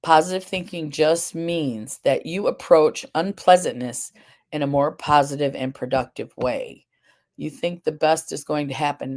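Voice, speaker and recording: A woman's voice: low-pitched, creaky, a little mellow. A woman hosting a live stream, chatting casually with viewers, rambling a little with fillers and restarts, a bit groggy. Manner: addresses viewers and the chat directly. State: groggy, sleepy. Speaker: livestream host.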